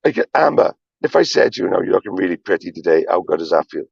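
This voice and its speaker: A man's voice: low-pitched, sing-song, fast talker, no room sound. A man livestreaming, talking in a rambling, emphatic confessional way with frequent swearing and repetition. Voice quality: gravelly, husky. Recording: dull lo-fi stream audio.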